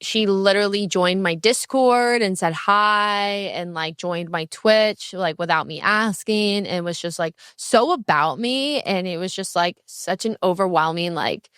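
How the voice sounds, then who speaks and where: A young woman hosts her own podcast, chatting in a brash, candid and profane way, her pitch swinging up and down as she tells a story. Her voice is smooth and full, and it is recorded close and dry, with no room sound. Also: unhurried, hardly any pauses, fairly bright tone, no room sound. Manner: swinging pitch and bursts of speed. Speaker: podcast host. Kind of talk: casual solo podcast chat.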